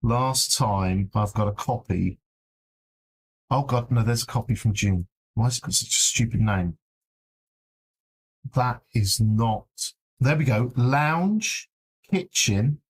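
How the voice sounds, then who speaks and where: A man talking through a live stream in a casual, rambling way. He mutters half to himself and frets as he hunts for things. His voice is a little husky and sits at a middling pitch. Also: slow pace, long pauses. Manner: mutters to himself while searching files, fretful.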